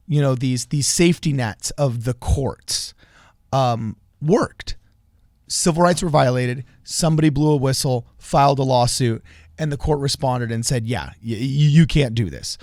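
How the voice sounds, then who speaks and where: A man's voice: mid-range voice, darkish tone, dry recording, studio quality. A man co-hosting a political podcast, talking earnestly in a casual way, often restarting and repeating phrases, with bursts of laughter. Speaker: co-host.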